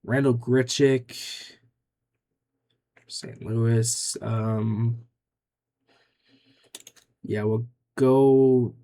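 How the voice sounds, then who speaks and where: A man's voice: mid-range voice, steady tone, drawn-out words, pauses often, mellow. A young man giving casual gameplay commentary, muttering offhand, dry remarks to himself as he makes picks. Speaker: gaming YouTuber.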